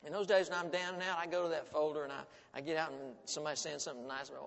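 A man's voice: on the high side, animated, quick pace. Middle-aged man lecturing in a reverberant hall. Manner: folksy, asks the audience rhetorical questions. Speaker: family studies teacher speaking to an audience. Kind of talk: conversational lecture to a live audience.

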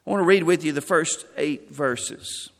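Expressive preacher man in a reverberant hall. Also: a little high, normal speed, gravelly. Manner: expressive, acts out quoted lines. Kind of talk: sermon.

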